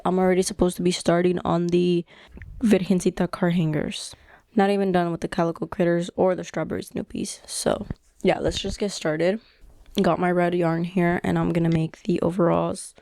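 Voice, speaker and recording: A woman's voice: on the low side, normal speed, no echo. Chatty young woman crochet vlogger, dry sound. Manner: chatty, excitable, thinking aloud. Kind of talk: casual vlog chat. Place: bedroom at home.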